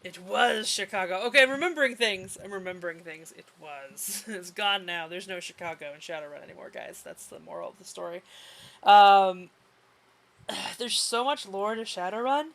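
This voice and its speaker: Chatty streamer, bright voice. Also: male voice, sits high, moderate pace, vocal fry. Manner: chatty, laughs often, rambles about lore. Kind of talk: casual live gameplay commentary.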